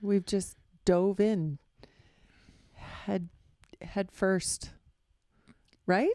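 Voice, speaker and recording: Middle-aged female co-host, slow and mellow, wry. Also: medium pitch, steady tone, dry recording. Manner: dry, wry teasing. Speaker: podcast co-host. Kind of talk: casual couple's chat.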